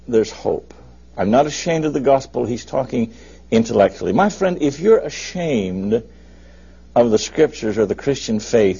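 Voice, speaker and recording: A man preaching a sermon in a folksy, emphatic way, with his voice rising for questions and dropping low for asides. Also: breathy edge. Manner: folksy, emphatic preaching with lively rises and drops. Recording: dull, muffled lo-fi recording.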